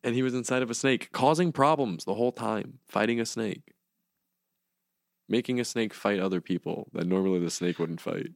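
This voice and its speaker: Young male podcast co-host, low gravelly voice, animated delivery, dry close sound. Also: moderate pace, no room sound. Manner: excitable, swears, acts out scenes in goofy voices. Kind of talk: casual chat about a cartoon series.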